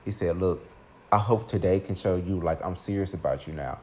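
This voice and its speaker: A man voicing a young boyfriend who softly and earnestly begs his partner not to leave him. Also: low-pitched, brisk, a little hiss or hum, lightly acted. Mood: pleading. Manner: soft, earnest pleading.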